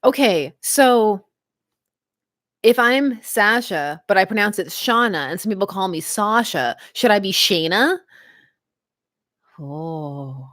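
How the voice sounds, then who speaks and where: Giggly woman, lively voice. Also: medium pitch, slow pace, long pauses, no room sound, studio quality. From Canada. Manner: chatty, giggly, laughs often. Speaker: livestream host. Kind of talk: casual livestream chat.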